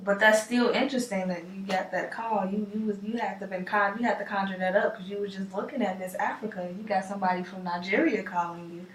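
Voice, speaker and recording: A woman's voice: mid-range voice, fairly even intonation, quick pace, hardly any pauses, distant mic. Woman co-host chiming in, echoey room. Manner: chimes in with short reactions and quips. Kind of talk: casual chat.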